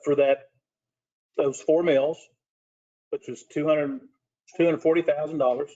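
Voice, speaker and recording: Higher-voiced commissioner at a meeting. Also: male voice, fairly even intonation, measured pace, dark tone. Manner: plainspoken, makes a formal motion. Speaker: city commissioner. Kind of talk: public meeting discussion. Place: commission room at city hall. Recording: muffled lo-fi meeting recording.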